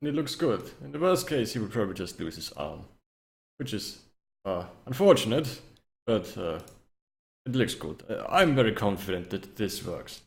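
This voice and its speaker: A man puts on a shady necromancer who talks in polite, formal hedges and never quite promises anything. The voice swings widely in pitch and slides in and out of a Russian-like accent, a tabletop role-play character. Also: sing-song, moderate pace, vocal fry. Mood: reassuring. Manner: formal, hedging.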